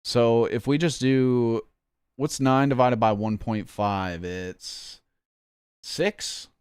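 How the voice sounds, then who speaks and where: A man's voice: medium pitch, steady tone, slow, darkish tone, smooth, no echo, clean studio sound. A man chatting casually on a stream, rambling and swearing in a jokey, offhand way. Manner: rambling, profane, jokey, says "bro".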